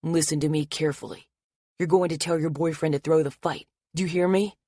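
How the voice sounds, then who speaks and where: A man's voice: on the high side, fairly even intonation, a little fast, warm tone, no echo, studio quality, lightly acted. A woman voicing a threatening hooded male attacker in an audiobook, cold and creepy as he makes his threats. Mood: menacing.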